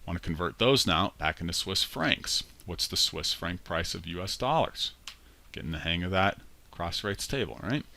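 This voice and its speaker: A man's voice: low-pitched, expressive, normal speed, creaky, pushed and bright. A male instructor talking through a spreadsheet tutorial in a conversational way, correcting himself as he goes. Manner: conversational, walks through steps aloud with self-corrections. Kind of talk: screen-recorded spreadsheet tutorial.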